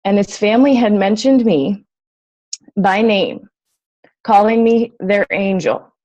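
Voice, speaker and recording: Young woman coach, heartfelt storyteller, mid-pitched voice, earnest delivery. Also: slow, mellow, highs cut off. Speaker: health coach. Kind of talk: emotional personal story to an audience.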